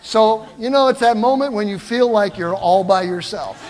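An older man preaching a sermon, telling stories in an animated way and calling out to the congregation. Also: high voice, normal speed, big-room sound, a little hiss or hum. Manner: animated storytelling, calls out to the congregation. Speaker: pastor. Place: church.

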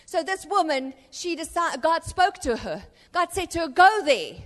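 A woman preacher giving an impassioned sermon in a church, swinging between urgent exhortation and hushed storytelling. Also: very high voice, animated, normal speed, in a large hall.

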